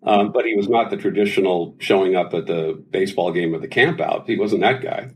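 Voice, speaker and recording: Animated storytelling man in his sixties. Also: low-pitched, a little fast, a little hiss or hum, poor audio. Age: 60s. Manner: animated storyteller, does voices in anecdotes. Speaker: interview guest, singer. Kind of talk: casual interview talk.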